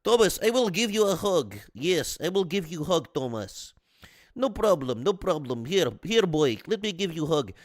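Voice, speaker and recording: A woman's voice: lowish voice, sing-song, normal speed, dry recording, studio quality, voice pushed up. A man voicing his fussing old grandmother in a mock foreign accent. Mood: doting. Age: older.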